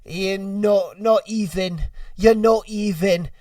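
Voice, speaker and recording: A man's voice: high-pitched, steady tone, slow pace, mellow, no echo, far from the mic. A man voicing a rude customer, talking in a brash, mocking way. The recording is dry and a little off-mic. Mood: scornful. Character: rude bigoted Scottish customer, blunt man.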